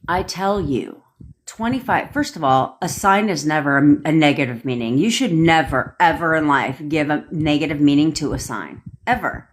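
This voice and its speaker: A woman's voice: sits low, expressive, normal speed. A young woman coaching on a livestream, ranting bluntly with plenty of swearing and answering viewers' comments as they come in. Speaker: manifestation coach. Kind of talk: casual livestream rant. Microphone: phone or webcam on a livestream.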